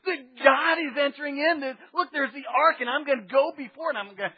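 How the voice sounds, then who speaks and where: A man shouting as a jubilant dancing king. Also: very high voice, animated, quick pace, pitched above the performer's own voice. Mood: exuberant. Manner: exuberant, shouting. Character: jubilant ancient king dancing before a holy procession. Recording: dull lo-fi sound with long hall reverb.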